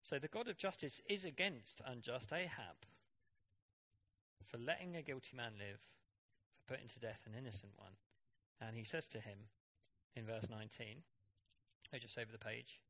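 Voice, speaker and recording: A man preaching a sermon, reading scripture and explaining it in an animated, chatty way. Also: mid-range voice, moderate pace, long pauses. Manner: animated, conversational Bible exposition.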